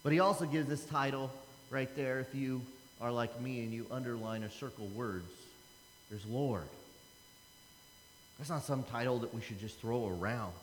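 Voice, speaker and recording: A man's voice: medium pitch, moderate pace, slight background noise. A man in his thirties preaching a casual, conversational sermon, acting out the Bible dialogue. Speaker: pastor. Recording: long hall reverb.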